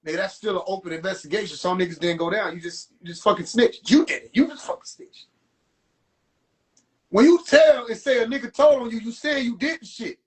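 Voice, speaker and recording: A man ranting and mocking in a profane, animated rant to a live audience, streamed from a phone. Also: sits high, a little fast. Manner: animated, profane, rants and mocks. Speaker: livestream host. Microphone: phone livestream.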